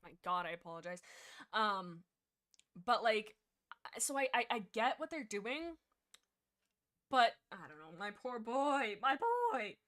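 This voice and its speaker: A young woman hosts a livestream in a loose, rambling chat. She jumps from one thought to the next, and her pitch swings up and down as she gets excited. Her voice sits in an ordinary middle range. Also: a little slow, pauses often. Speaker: livestream host discussing books.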